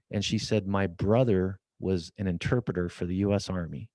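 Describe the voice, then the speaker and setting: Talking a little fast with hardly any pauses, a middle-aged podcast guest tells a story in a low voice, acting out its dialogue with lively energy. He's recording from an office at company headquarters, and there's no echo.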